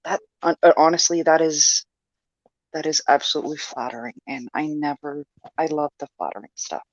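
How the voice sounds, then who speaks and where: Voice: medium pitch, normal speed, no room sound, dull audio. A YouTuber in a casual stream conversation, repeating words as they get going. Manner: repeats words, laughs easily. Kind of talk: casual chat on a live stream.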